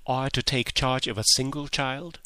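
A man's voice: mid-range voice, level tone, normal speed, pushed and bright, dry recording, pitched above the performer's own voice, close to an everyday voice. A man reading the lines of a proud young woman governess, polite and firm, in an audiobook.

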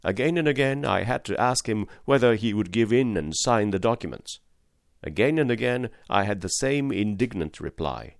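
Dramatic low-voiced male narrator. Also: no echo, clean studio sound. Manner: measured, dramatic storytelling. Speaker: audiobook narrator. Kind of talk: scripted narration.

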